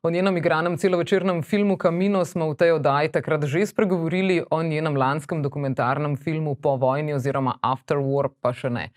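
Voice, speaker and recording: A man hosting and narrating a scripted segment, with a brisk, informative delivery. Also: a little high. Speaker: program host and narrator.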